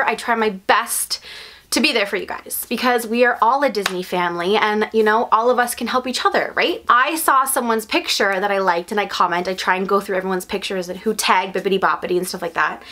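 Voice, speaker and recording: A young woman vlogging an unboxing, chatting to her viewers with gushing, breathless excitement. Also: mid-range voice, a little fast.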